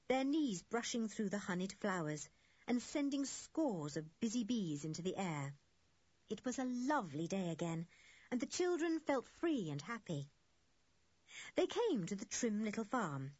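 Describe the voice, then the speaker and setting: A woman reads a children's storybook aloud, gentle and measured. Her voice is breathy and sits mid-range, and the recording is dry and dull, a little lo-fi. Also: mid-range voice, sing-song, no room sound. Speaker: audiobook narrator.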